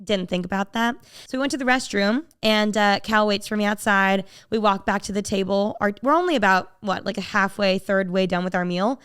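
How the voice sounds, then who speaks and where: A woman's voice: mid-range voice, brisk, hardly any pauses, smooth. A woman hosting a podcast, telling a story in casual chat and acting out the voices of the people in it. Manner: animated, acts out voices in her story. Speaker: podcast host.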